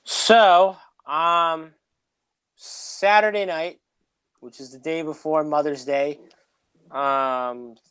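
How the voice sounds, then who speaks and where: A man's voice: fairly high pitch, slow pace, long pauses, bright, forceful tone, clean tone, no room sound. A man co-hosting a casual motorsport podcast, running through a list with many "uh" fillers. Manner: reads off lists with frequent "uh" fillers. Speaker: podcast co-host. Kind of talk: casual sports podcast chat.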